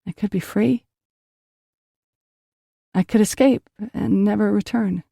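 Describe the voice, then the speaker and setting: A woman's voice: medium pitch, slow, creaky, warm tone, no room sound, studio quality. A woman narrating an audiobook in an emotional first-person reading.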